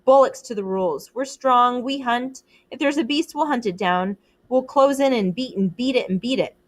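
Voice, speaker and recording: A woman's voice: a little high, normal speed, voice pushed up, lightly acted. Jack, a woman playing a sneering boy hunter. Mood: wild. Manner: sneering, scornful.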